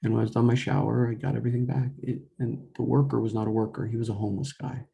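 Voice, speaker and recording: Man, young adult, gravelly low fry, mellow dark tone, casual rambling storytelling, lots of fillers and restarts. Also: little pitch movement, racing. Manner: rambling, full of fillers and self-corrections; quotes himself and others in dialogue.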